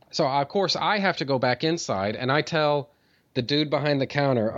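A man's voice: fairly high pitch, fairly quick, fairly bright tone. A man telling a long story in casual chat, rambling with many fillers and restarts, and swearing freely. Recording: dull lo-fi audio.

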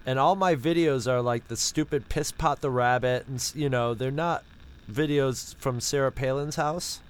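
A man's voice: mid-range voice, moderate pace, clear, resonant tone, low-quality recording. A man co-hosting a podcast, telling a sarcastic, profane story in casual, rambling chat. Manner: animated, rambling with restarts. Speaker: podcast co-host.

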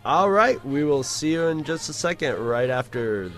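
A man's voice: on the high side, expressive, moderate pace, a bit bright, soft background music. A male podcast co-host in casual chat, telling a rambling story with many restarts.

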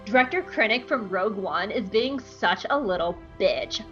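A woman's voice: medium pitch, expressive, normal speed, a bit bright, dull audio, soft background music, lightly acted. A woman voicing a whiny, snobbish male imperial governor in a parody recap. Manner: whiny, exasperated.

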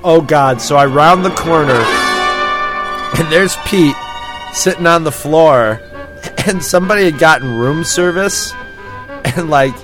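A man's voice: a little high, unhurried, pauses often, music in the background. A man casually telling a drunken story on a podcast, swearing often, laughing and acting out what people said.

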